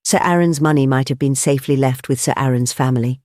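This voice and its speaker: A man's voice: medium pitch, fast, a little mellow, no echo, clean studio sound, close to an everyday voice. A man voicing a stern police inspector who speaks sharply and with authority.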